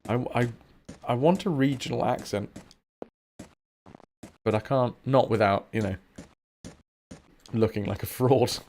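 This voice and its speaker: This man, southern English in accent, keeps up a chatty, jokey stream of talk over game music, with the occasional swear word. His mid-range voice is a little mellow and unhurried, broken by frequent pauses, and there's slight background noise.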